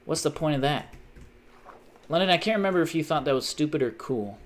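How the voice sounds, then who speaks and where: A man's voice: a little high, expressive, fairly quick. A man livestreaming a game, chatting casually in a rambling, profane way and jumping between tangents. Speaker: gaming livestreamer. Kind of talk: casual chat while gaming.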